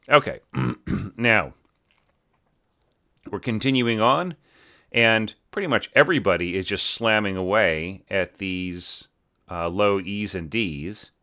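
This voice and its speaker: Low-voiced man reviewing scores with many fillers. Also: bright, forceful tone. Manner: thinking aloud with many fillers and restarts. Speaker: orchestration teacher. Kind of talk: casual spoken score review.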